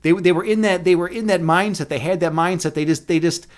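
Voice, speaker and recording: Male streamer in his thirties, slightly high pitch, loose profane storyteller, casual chat with viewers. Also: fast. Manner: rambling, profane, laughs at own stories; many restarts and fillers, animated storytelling. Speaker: live stream host.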